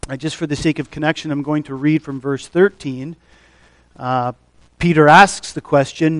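A male pastor with a somewhat high voice delivers a measured expository sermon. He teaches step by step and pauses often. The sound is dry and close, with little room echo. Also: fairly even intonation, a bit bright. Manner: measured expository preaching with frequent uh fillers.

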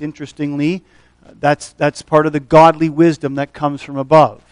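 A male pastor with a somewhat high voice delivers a measured expository sermon. He teaches step by step and pauses often. The sound is dry and close, with little room echo. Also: little pitch movement, clean tone. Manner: measured expository preaching with frequent uh fillers.

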